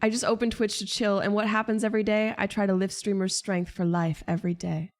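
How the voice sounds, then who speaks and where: A woman's voice: mid-range voice, flat delivery, a little fast. A young woman streamer chatting casually and jokingly, answering her chat.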